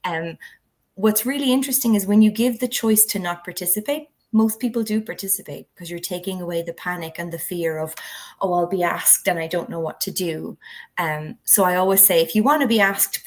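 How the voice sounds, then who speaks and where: A woman's voice: on the low side, fairly quick. Woman explaining a drama classroom game. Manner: instructive, walks through steps with examples. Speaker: drama education trainer. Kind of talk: explanatory conversation.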